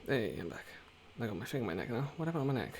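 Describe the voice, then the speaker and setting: A man's voice: mid-range voice, very animated, racing, darkish tone, slight background noise. A man streaming a story game, chatting casually and rambling as he reads the dialogue. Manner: chatty and rambling, often trailing off. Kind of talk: casual gameplay commentary and reading game dialogue aloud.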